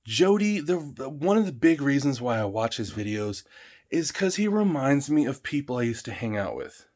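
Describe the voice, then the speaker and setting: A man's voice: mid-range voice, sing-song, normal speed, darkish tone. A man ranting in a vlog, heated, emphatic and full of swearing. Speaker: vlogger.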